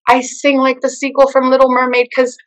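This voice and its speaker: A woman telling her personal faith testimony in an animated way, acting out the voices of the people in her story. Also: high-pitched, a little fast, low-quality recording. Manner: expressive storyteller who acts out the quoted lines. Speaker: guest sharing her testimony.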